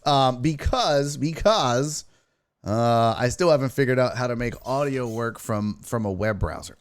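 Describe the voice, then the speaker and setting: A man hosting a casual streamed sports talk show, profane and excitable, chatting with his viewers. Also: mid-range voice, dry recording. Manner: profane, excitable, talks to chat.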